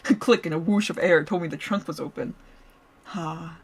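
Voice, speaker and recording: A woman's voice: lowish voice, normal speed, breathy edge. A woman streamer reading a story aloud, laughing and breaking off to joke with her viewers. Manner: playful, giggly, breaks off to joke with chat. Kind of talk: story reading with live reactions.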